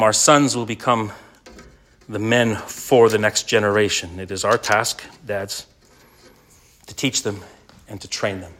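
A middle-aged man preaching a sermon, telling a story and moving between loud bursts and hushed asides. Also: on the low side, steady tone, measured pace. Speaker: pastor.

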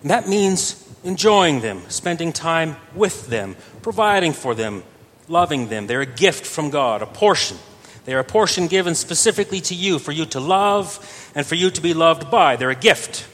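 A man preaching a sermon earnestly, his voice swelling louder on key phrases. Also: animated, normal speed, few pauses. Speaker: pastor. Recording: reverberant church hall with faint rumble.

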